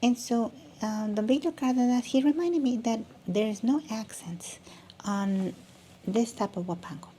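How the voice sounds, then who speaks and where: A woman's voice: fairly high pitch, normal speed, dark tone, slight background noise. A woman teaching a music lesson, demonstrating as she talks and often restarting her sentences. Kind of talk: instructional video lesson.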